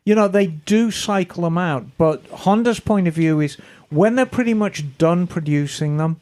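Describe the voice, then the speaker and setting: A woman hosting a podcast, chatting casually and reading listener emails in a lively, storytelling way. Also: fairly low pitch, moderate pace. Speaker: podcast host.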